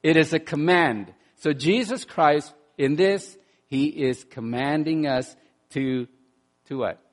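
Man, pastor, sermon, slow deliberate delivery, slightly high voice, loud emphatic bursts, repeated words. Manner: animated preaching with sudden loud bursts and quiet asides; repeats words when restarting.

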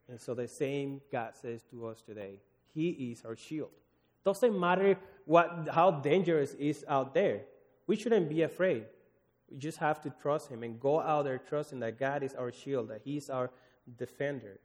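A man's voice: mid-range voice, unhurried, a little mellow. A man preaching a morning sermon, earnest and pleading, often restarting his phrases. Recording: long hall reverb.

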